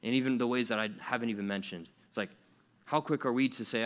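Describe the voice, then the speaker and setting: A man's voice: mid-range voice, fast talker, fairly bright tone. A young man giving a casual, conversational sermon to teenagers as a youth pastor, acting out grumbling quotes with fillers and restarts. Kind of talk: sermon to teens.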